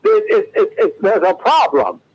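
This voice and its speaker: A man putting on a quavering, stammering old-Hollywood lady phoning a repair shop, in a high, lively voice. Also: slightly rough, full character voice, poor audio. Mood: flustered. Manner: quavering, halting, repeats words. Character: flustered, stammering movie-star lady on the phone.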